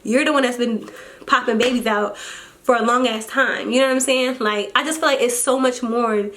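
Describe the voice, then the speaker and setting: A woman's voice: a little high, steady tone, normal speed, fairly bright tone, a little hiss or hum. A young woman vlogging casually, a first-time mom venting candidly and swearing, her voice getting teary as she tells the story.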